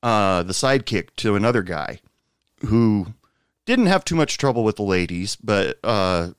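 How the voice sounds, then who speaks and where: A man casually telling a long personal anecdote, rambling with fillers and asides, jumping up in pitch when quoting others. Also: lively intonation, measured pace, smooth, no room sound, studio quality. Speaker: storyteller.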